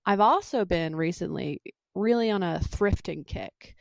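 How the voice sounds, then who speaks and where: A woman co-hosting a casual podcast, chatting in a relaxed way and asking curious questions. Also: lowish voice, unhurried, creaky, no echo, studio quality. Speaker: podcast co-host.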